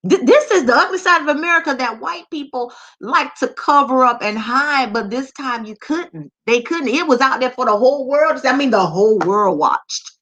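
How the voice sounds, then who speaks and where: A woman's voice: high voice, expressive, normal speed, a bit bright. A woman giving impassioned social commentary, talking straight to her audience with emphatic repetition and rhetorical questions. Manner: direct address to the audience.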